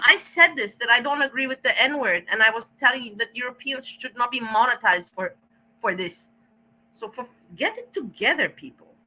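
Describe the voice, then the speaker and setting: A woman's voice: sits high, pushed and bright, rough recording. A woman vlogger ranting to her camera, blunt and defiant, cursing often and stalling as she hunts for words. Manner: halting, searches for words. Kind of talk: casual rant to camera.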